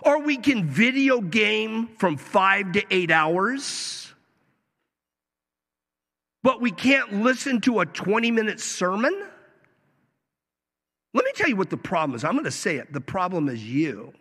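A man preaching a sermon as a pastor, animated, with joking asides and acted-out quotes. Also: high-pitched, unhurried, creaky, pauses often. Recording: long hall reverb.

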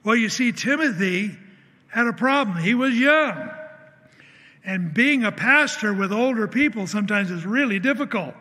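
Man, preacher, earnest storytelling sermon, high voice, long hall reverb. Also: animated, moderate pace, pushed and bright. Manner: earnest storyteller, acts out dialogue, frequent restarts.

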